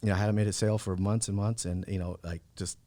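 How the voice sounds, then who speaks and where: A man speaks quickly, words tumbling out, with a somewhat low voice. He tells his story casually and with emphasis, leaning on fillers and "bro" as he goes. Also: steady tone, mellow. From United States. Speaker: podcast guest. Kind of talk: personal testimony in casual conversation.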